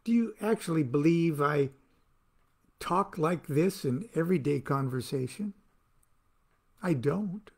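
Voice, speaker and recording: A man's voice: on the high side, expressive, a little slow, gravelly, pauses often, a little mellow. A man reading aloud from his own book, with a wry, theatrical delivery that plays to the listener.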